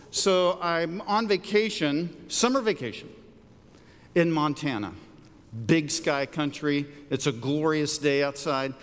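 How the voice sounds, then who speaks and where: In a church sanctuary with long, ringing reverb, a middle-aged male pastor delivers a sermon in a voice that sits high for a man. He tells stories with animation, his pitch climbing sharply whenever he quotes someone.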